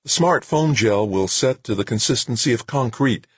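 A man's voice: medium pitch, expressive, normal speed, husky, dry recording, voice pushed up. Man voicing a weary female news anchor. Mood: newsy. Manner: newsreader delivery.

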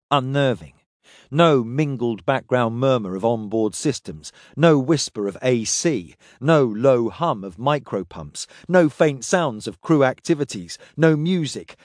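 A man reading a science fiction story aloud in steady, descriptive narration. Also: medium pitch, a little slow, no echo, studio quality. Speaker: audiobook narrator.

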